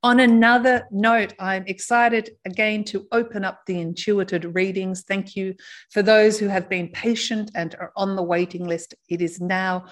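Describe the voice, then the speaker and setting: A woman telling a personal story in a soft, reflective way, laughing now and then. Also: mid-range voice, steady tone, measured pace. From Australia. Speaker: intuitive reader.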